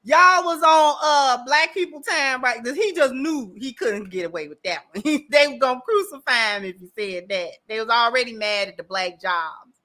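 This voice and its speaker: Woman, bright tone, sassy emphatic commentary, slightly high voice. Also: lively intonation, normal speed. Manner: sassy, emphatic, acts out quotes. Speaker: political commentator. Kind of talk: casual commentary vlog.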